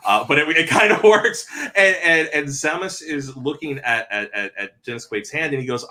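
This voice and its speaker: A man's voice: on the high side, animated, normal speed, hardly any pauses, sharp tone. A man hosting a casual online panel chat, rambling and heartfelt, stammering through frequent restarts. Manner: heartfelt and effusive. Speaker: panel host.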